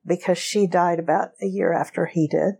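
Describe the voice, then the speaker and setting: A woman recounting a personal experience as an interview guest, unhurried and often breaking into a laugh. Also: on the low side, steady tone, creaky, warm tone, breathy edge.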